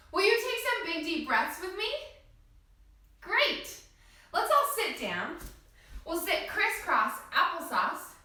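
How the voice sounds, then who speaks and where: A woman teaching a kids' yoga class, her high, bright voice swooping up and down as she coaxes the children along. She talks slowly and gently, asking questions to keep them with her. The sound is very echoey and picked up from a distance.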